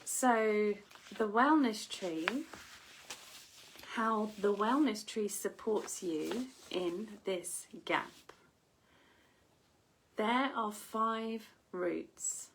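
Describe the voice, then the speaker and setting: Slow-spoken woman wellness coach. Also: medium pitch, slight background noise, low-quality recording. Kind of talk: slow, soft motivational talk.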